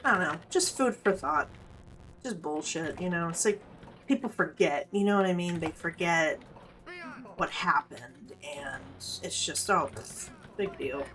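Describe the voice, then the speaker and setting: A woman's voice: on the low side, measured pace, fairly bright tone. A woman in her thirties streaming a game, talking in a rambling, profane, candid way as she plays. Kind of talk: casual gameplay commentary.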